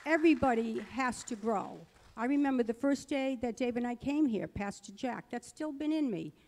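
A woman's voice: fairly high pitch, animated, normal speed, darkish tone, long reverb tail. A middle-aged woman giving a personal testimony at church, earnest and conversational, rambling a little as she talks. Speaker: church speaker.

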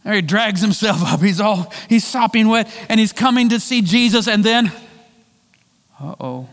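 High-voiced preacher in a reverberant hall. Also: male voice, steady tone, moderate pace. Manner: storytelling, acts out quoted voices, shifts from loud to hushed. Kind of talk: sermon.

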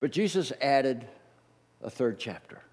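A middle-aged man preaching a sermon as a pastor, telling the story in an animated way and acting out the voices he quotes. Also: medium pitch, a little slow, husky. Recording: long reverb of a large hall.

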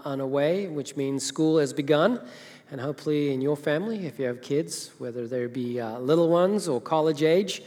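A middle-aged senior minister from Zimbabwe delivers a chatty, storytelling sermon full of filler hesitations. His medium-pitched, darkish voice rings with the long reverb of a big church hall.

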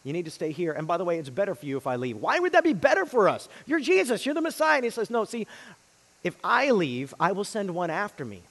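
A man preaching a sermon, swinging between loud emphasis and hushed, quiet lines. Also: high voice, expressive, fast, long reverb tail. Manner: dynamic delivery, swinging from loud emphasis to hushed near-whispers. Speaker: pastor.

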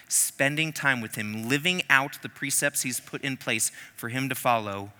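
A male preacher delivering a sermon in a large hall, animated and humorous, slipping into acted-out voices between scripture readings. His tone is very bright and ringing, and a long reverb trails behind him. His pitch sits in the middle range.

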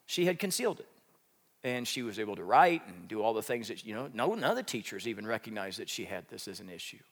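A man preaching a sermon, telling a story with animated, rising emphasis. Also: lowish voice, fast. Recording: long hall reverb.

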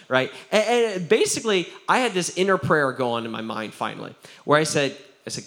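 A male pastor telling a personal story in a sermon, animated and laughing, often breaking off and restarting his sentences. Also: on the high side, brisk, hardly any pauses. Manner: animated, laughing, self-interrupting.

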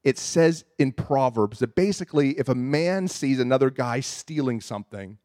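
A man's voice: medium pitch, lively intonation, normal speed, darkish tone, no room sound, clean studio sound. A man preaching a sermon as a pastor, telling a personal story in a conversational, self-deprecating way with stumbles and restarts. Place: church service.

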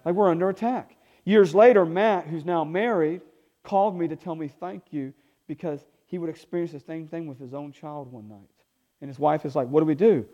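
A male pastor preaching with rising energy, calling on the congregation to answer back. His voice sits a little high, and he drops quieter when he tells a story. The church recording sounds slightly dull. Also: normal speed. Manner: energetic preaching with call-and-response; drops to hushed tones when telling a story. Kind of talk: sermon.

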